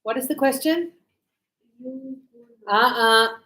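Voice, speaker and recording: A woman teaching a grammar lesson in a classroom, her voice sitting a little high. She talks slowly and deliberately, sounding out each word for the class. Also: sharp tone. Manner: slow, deliberate, models pronunciation. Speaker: English teacher.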